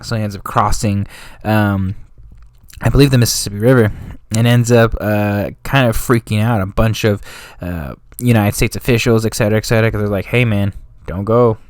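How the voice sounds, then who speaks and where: A man's voice: fairly low pitch, fairly even intonation, a little fast, no echo, studio quality. A man casually explaining history as a channel host, in a slangy, rambling way with frequent self-corrections. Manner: slangy and offhand, drifting into street talk.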